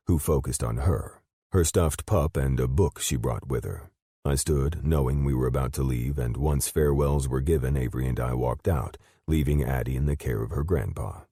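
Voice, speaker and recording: A man narrates an audiobook in the first person with a very deep, dark voice. His delivery is steady and low-key, even through blunt swearing. The studio sound is dry and close. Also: no echo.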